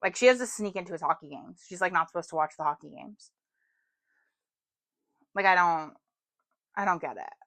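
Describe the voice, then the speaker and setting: A woman's voice: deep voice, quick pace, long pauses, a bit bright. Chatty self-deprecating woman booktuber. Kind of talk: casual book chat.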